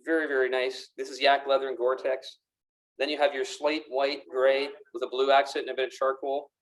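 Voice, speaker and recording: A man's voice: mid-range voice, little pitch movement, brisk, rough recording. A man presenting golf gear in a pro shop, upbeat and gushing, with frequent fillers and restarts. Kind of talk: live product demonstration. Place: golf club pro shop with racks behind.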